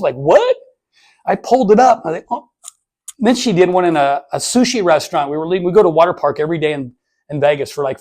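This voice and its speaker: A man giving a motivational talk to a live audience, an animated storyteller who acts out voices in his anecdotes. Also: high voice. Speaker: speaker.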